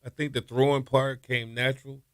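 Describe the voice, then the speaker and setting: Speaking a little fast in a dry, studio-quality recording, a middle-aged man who once played college quarterback guests on a casual interview. He tells stories animatedly, laughing a lot and raising his pitch to act out quotes.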